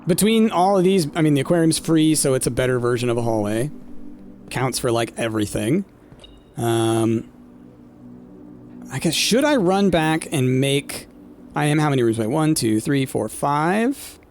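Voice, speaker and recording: Faint music plays behind a male gameplay streamer whose medium-pitched, darkish voice is expressive and moderately paced. He gives casual let's-play commentary, thinking aloud, using many fillers, and chatting with his audience.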